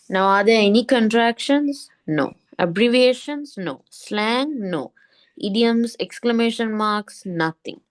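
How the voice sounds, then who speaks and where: A woman teaching an English lesson online, often repeating a point and asking quick checking questions. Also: fairly high pitch, lively intonation.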